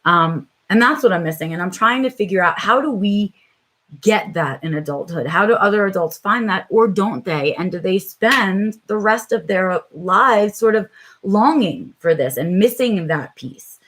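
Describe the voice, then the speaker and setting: A woman's voice: mid-range voice, expressive, moderate pace, fairly bright tone. Woman, middle-aged, live stream host, reflective, hesitant, chatty with viewers. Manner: reflective, hesitant, many "um"s and "right?"s.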